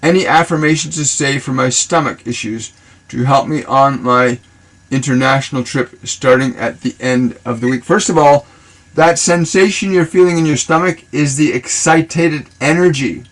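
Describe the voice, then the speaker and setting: Man, mid pitch, casual live-stream spiritual reader, rambling delivery with repeats. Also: moderate pace, poor audio. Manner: loose and rambling, repeats himself, speaks in affirmations. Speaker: spiritual reader answering viewer questions. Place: live social video stream.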